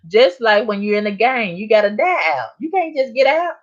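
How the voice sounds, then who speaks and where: A woman hosting a casual live stream, chatting with viewers and answering their comments in relaxed vernacular speech. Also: on the high side, moderate pace. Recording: dull lo-fi stream audio.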